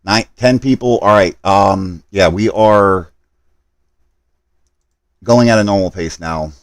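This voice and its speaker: A man's voice: on the low side, slow, dry recording. A man live streaming a game, talking to his chat while he hurries through setup and apologizes for his mistakes.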